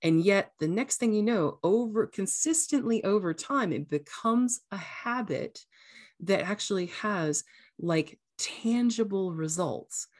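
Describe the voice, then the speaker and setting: An echoey room surrounds a woman hosting a casual podcast in an expressive, medium-pitched voice that's a little slow and a little mellow. She coaches earnestly and now and then acts out voices.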